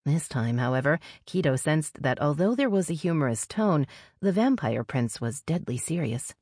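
A woman narrating a novel in a steady, even storytelling manner. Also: deep voice, moderate pace, dry recording, clean studio sound. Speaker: audiobook narrator. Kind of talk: scripted narration.

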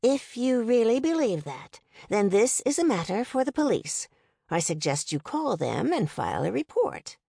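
A woman's voice: a little high, very animated, normal speed, creaky, warm tone, husky, no room sound, studio quality, voice pushed up, heavily acted. A woman voicing a sweet, defiant older woman who runs a motel, speaking in an overly sweet but firm way.

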